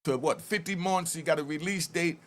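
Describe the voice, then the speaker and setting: A man who served time, talking straight to viewers in an animated, casual way as he comments on a video and tells prison stories. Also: fairly high pitch, brisk.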